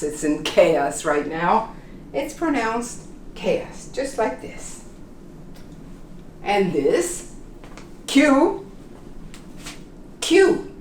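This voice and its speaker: A woman teaches pronunciation very slowly and deliberately, and her pitch moves about a lot as she models each word. Her voice sits a little back from the mic in a roomy space with faint background ambience. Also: far from the mic, a little hiss or hum. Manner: slow, deliberate, repeats words for learners. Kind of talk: pronunciation lesson.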